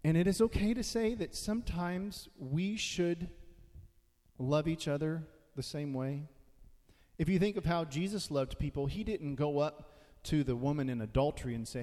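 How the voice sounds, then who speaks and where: Mellow-voiced man preaching in a reverberant hall. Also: fairly high pitch, moderate pace. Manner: conversational, acts out quoted voices. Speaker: pastor. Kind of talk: sermon.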